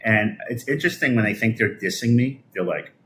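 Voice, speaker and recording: Foul-mouthed New streamer, echoey room. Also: male voice, on the low side, animated, fairly bright tone, a little hiss or hum. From Brooklyn, New York. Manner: foul-mouthed, scornful, halting with restarts. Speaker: live streamer. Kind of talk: profane political rant on a live stream.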